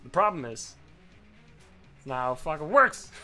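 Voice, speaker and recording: Guy doing let's play commentary, swears a lot, gets loud and mad, game music going underneath. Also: fairly high pitch, very animated, normal speed, pauses often. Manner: profane, swings into loud frustrated outbursts. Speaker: gaming YouTuber.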